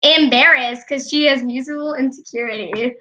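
Young female gameplay narrator, high and bright tone, unhurried and giggly. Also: dull audio. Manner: giggly, chatty, often laughing. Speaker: gameplay vlogger. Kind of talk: casual gameplay commentary.

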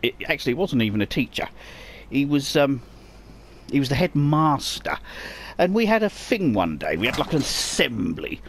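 A man with a Cockney accent from the East End of London, hosting casual let's-play commentary, swearing heavily and bursting out excitedly at the game. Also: mid-range voice, normal speed, slight background noise. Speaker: gaming channel host.

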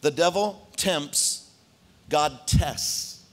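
A man preaching a sermon to his congregation as pastor, telling a story in an animated way and speaking straight to the room. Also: fairly high pitch, very slow. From Arizona, United States. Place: church hall.

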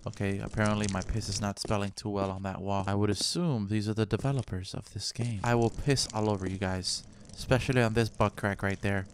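A man giving profane, excitable commentary on a game he is playing, often breaking into loud laughter. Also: lowish voice, a little fast, few pauses, a little hiss or hum. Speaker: gaming video host. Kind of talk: let's play commentary. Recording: game sounds clearly behind the voice.

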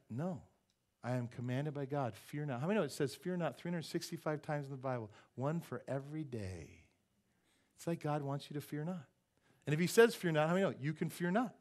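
A male pastor delivers a sermon with an ordinary mid-range voice. He preaches in an animated way, keeps asking the congregation questions and slips in light joking asides. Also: mid-range voice. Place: church sanctuary.

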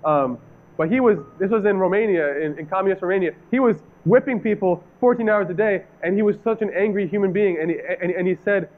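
A man's voice: high voice, a little fast. A young man in his twenties preaching a sermon, telling a story earnestly, often restarting his sentences. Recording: tinny phone-like audio, faint guitar music.

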